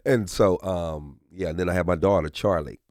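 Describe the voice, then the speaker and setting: A man's voice: deep voice, moderate pace, dry recording, studio quality. A middle-aged man, a comedian chatting as a podcast guest and acting out his family's voices as he tells stories. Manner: animated storyteller, acts out family voices. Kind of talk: casual podcast chat. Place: podcast studio.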